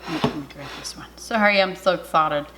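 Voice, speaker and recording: A woman hosting a casual home cooking video, chatty and excitable, talking straight to her viewers. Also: on the low side, moderate pace, noisy background. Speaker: cooking vlogger. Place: home kitchen.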